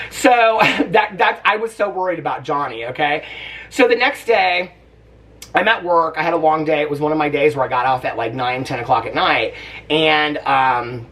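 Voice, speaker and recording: A man's voice: fairly high pitch, a bit bright, recorded from a distance. Chatty, emotional man telling a story. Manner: emotional, chatty, laughs often, voice catching near tears. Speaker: vlogger. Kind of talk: casual storytelling vlog.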